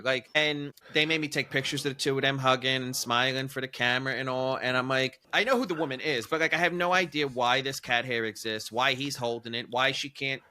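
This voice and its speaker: Bright, animated man telling a wild story. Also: fairly quick, hardly any pauses. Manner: animated, profane, swings up into high disbelief. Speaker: podcast co-host. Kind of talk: casual storytelling.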